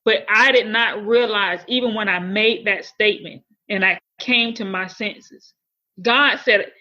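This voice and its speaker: A woman's voice: medium pitch, a little slow, sharp tone, highs cut off. A woman guest on a podcast telling a personal story candidly and earnestly, often repeating and restarting phrases.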